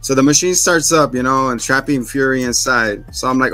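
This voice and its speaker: A man's voice: medium pitch, brisk, sharp tone, soft background music. A man co-hosting a podcast, recapping an episode in casual chat, joking and acting out scenes in silly voices. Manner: jokey, acts out scenes in voices, swears. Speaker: podcast co-host.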